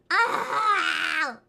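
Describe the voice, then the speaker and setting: A woman streaming a video game, chatting casually. She is excitable, laughs often and swears. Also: very high-pitched, creaky, noisy background. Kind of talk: casual gaming livestream commentary. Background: game music.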